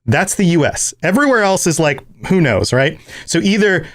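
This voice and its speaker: An American man hosting a podcast, talking casually and animatedly with quick tangents. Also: a little high, very animated. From United States. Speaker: podcast host.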